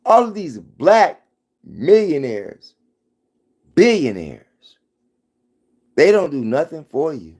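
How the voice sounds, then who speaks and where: A man's voice: on the high side, very animated, slow pace, pauses often, darkish tone. A middle-aged man giving an emphatic, preachy commentary vlog into his phone, hammering his points home by repeating them. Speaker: vlogger.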